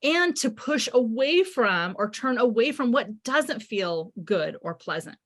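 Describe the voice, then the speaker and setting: Speaking in a slightly high, sing-song voice at a somewhat slow pace, a middle-aged parenting author and psychotherapist explains her ideas as a podcast guest. She acts out the things parents say.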